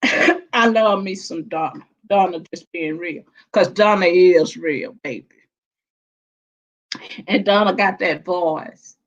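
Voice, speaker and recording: Slow-talking woman hosting a livestream. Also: lowish voice. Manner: warm, affectionate, drawn-out and emotional, calling viewers baby and child. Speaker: livestream host. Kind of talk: casual livestream chat. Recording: dull lo-fi stream audio.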